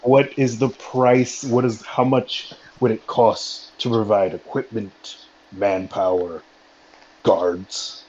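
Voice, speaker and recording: A man's voice: lowish voice, flat delivery, takes it slowly, darkish tone, lo-fi sound, slight background noise. A man playing in an online tabletop game, narrating his character's actions hesitantly. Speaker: player.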